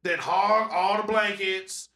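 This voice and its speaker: A woman's voice: mid-range voice, fairly even intonation, takes it slowly, a loud crowd. A woman co-hosting a casual chat, teasing, swearing and laughing.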